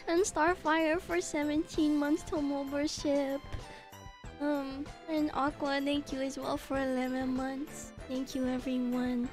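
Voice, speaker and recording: A young woman streamer talking haltingly on a livestream, tearful, with many fillers, curses and nervous laughs. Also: sits high, steady tone, faint music behind. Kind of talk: emotional livestream chat.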